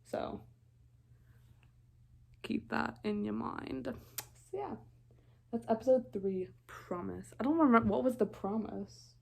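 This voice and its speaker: A woman's voice: a little high, slow, creaky, pauses often, dark tone, breathy edge. A young woman vlogger recapping a TV show in a casual, rambling way, often breaking off mid-thought. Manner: rambling, chatty, interrupts herself often.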